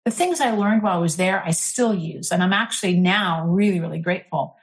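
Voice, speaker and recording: A middle-aged woman, an interfaith minister, telling a candid personal story in an earnest, animated way, full of fillers. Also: on the low side, brisk.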